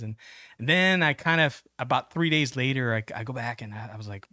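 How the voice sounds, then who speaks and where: A man's voice: mid-range voice, a little fast, sharp tone, no echo, studio quality. A man, casually telling a long story as a podcast guest, full of fillers, restarts and swearing. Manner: rambling, many fillers and restarts, swearing, acts out quoted voices.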